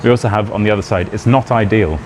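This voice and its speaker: With outdoor traffic sounds behind him, this British man speaks on the low side at a quick pace. He's an English teacher and YouTuber, rambling cheerfully to camera and laughing a lot while explaining things about Britain.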